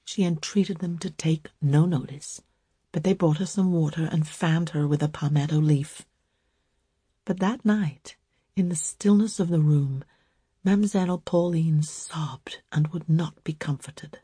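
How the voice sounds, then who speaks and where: A woman reading a story aloud as narrator, slow, calm and measured. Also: low-pitched, breathy edge, no echo, clean studio sound.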